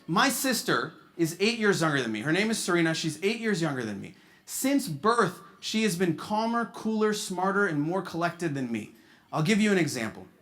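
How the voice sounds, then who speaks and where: High, bright-voiced male stand-up comedian. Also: moderate pace. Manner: punchy, animated delivery. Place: charity gala stage.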